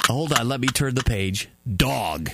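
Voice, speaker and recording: A man's voice: mid-range voice, noisy background. A man anchoring a spoof news segment, reading stories in an exaggerated newsreader manner and laughing at his own jokes. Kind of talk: mock news reading with banter.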